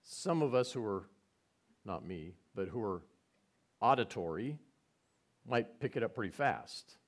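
A man's voice: on the low side, expressive, measured pace. A man preaching a conversational sermon, retelling scenes with repetition and side remarks. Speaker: pastor.

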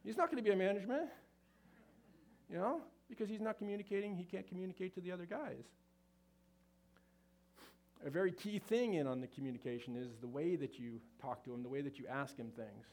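A man's voice: high-pitched, fairly quick, long pauses, darkish tone. A man speaking to a live audience at a marriage seminar, folksy and conversational, with frequent fillers and restarts.

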